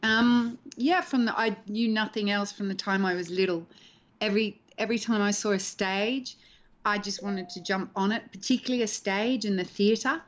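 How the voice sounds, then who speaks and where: A woman's voice: medium pitch, normal speed, muffled recording. A middle-aged actress telling stories in a casual interview over a video call, acting out the voices of people she quotes. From Australia. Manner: animated storyteller, acts out quoted voices. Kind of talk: casual chat, storytelling.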